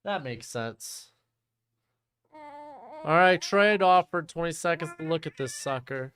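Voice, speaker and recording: A man's voice: fairly high pitch, lively intonation, measured pace, fairly bright tone. A young man hosting a live-streamed mock draft, talking casually and bluntly and mocking bad trades.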